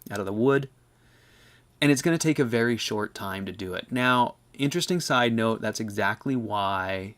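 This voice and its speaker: A man's voice: fairly low pitch, normal speed, a bit bright. A man hosting a casual live chat, explaining at length in a rambling, self-correcting way. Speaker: host of a live stove chat. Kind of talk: casual live-stream chat answering questions.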